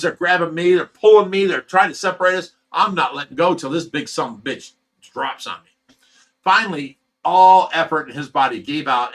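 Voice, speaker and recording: A man telling a rough, profane story in casual chat as a host. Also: a little high, a bit bright. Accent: Ohio. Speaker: fish rescue host.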